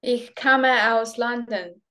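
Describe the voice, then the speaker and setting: Bright-voiced woman from China, slow and careful. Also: fairly high pitch. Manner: short, careful repetitions. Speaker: language learner. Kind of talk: lesson practice responses.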